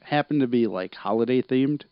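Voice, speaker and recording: A man's voice: medium pitch, moderate pace, smooth, no echo. A man co-hosting a podcast in casual chat, tossing in dry, wisecracking asides. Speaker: podcast co-host. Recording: dry, dull lo-fi podcast audio.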